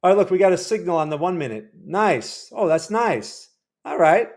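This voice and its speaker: A man's voice: high-pitched, expressive, normal speed. A man hosting a live day-trading stream, chatty and rambling as he comments on trades and quizzes his chat. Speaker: day trading livestream host.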